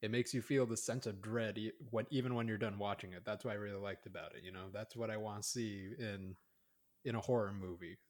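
A man's voice: fairly low pitch, steady tone, brisk. A man co-hosting a casual podcast, rambling through a film review with many fillers and restarts. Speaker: podcast co-host.

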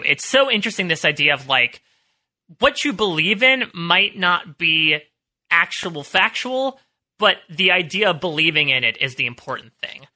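Bright-voiced man musing on a TV episode. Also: high voice, very animated, normal speed. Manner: thoughtful, hedging, many restarts. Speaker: podcast co-host. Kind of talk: casual TV recap analysis.

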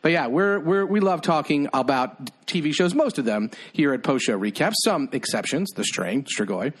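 A man's voice: on the high side, expressive, moderate pace. A young man co-hosting a TV recap podcast, playful and rambling in casual chat. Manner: playful, rambling, self-correcting. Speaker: podcast co-host.

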